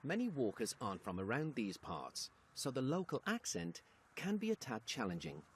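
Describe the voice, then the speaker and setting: Wry northumbrian bloke doing voice-over narration, bouncy up-and-down delivery, middle-aged. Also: male voice, mid-range voice, huge pitch swings, moderate pace, slight background noise. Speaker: presenter.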